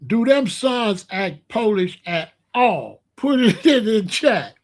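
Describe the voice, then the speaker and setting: Man, high voice, blunt repetitive livestream talk, middle-aged. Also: animated, takes it slowly. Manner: blunt, repetitive, asks the chat questions. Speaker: livestream host. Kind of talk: casual livestream monologue.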